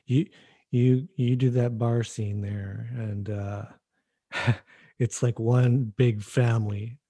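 A man who works as a hockey goaltending coach chatting in an easygoing, halting way with lots of fillers. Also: mid-range voice, steady tone, warm tone, breathy edge, dry recording. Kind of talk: casual chat.

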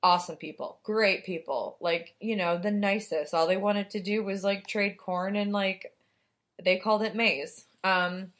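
A woman's voice: medium pitch, steady tone, a little slow, a bit bright. A young woman co-hosting a podcast, talking casually with lots of swearing, fillers and laughter. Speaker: podcast co-host. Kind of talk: casual chat.

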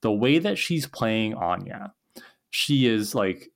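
A man co-hosting a casual recap podcast, musing enthusiastically about a scene he loves. His voice is on the lower side and his talk runs in long, thoughtful stretches. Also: animated, takes it slowly, vocal fry. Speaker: podcast co-host.

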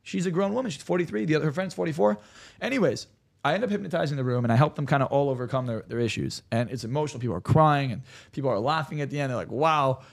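A man, a hypnotherapist on a podcast, telling stories in a rapid, animated and profane way. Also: on the high side, gravelly. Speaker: hypnotherapist guest. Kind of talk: casual podcast chat.

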